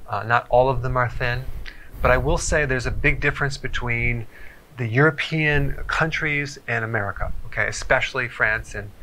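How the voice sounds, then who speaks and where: A man giving an explanatory talk to camera as a health presenter, speaking in a measured way and often checking in with "okay?". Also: mid-range voice, sharp tone, a little hiss or hum, poor audio.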